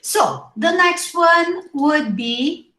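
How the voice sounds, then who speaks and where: A woman teaching English pronunciation in a live online class, slowly modeling each word and repeating it. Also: extremely high pitch, expressive, sharp tone, echoey room, poor audio. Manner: slow, drawn-out modeling of words with repetition.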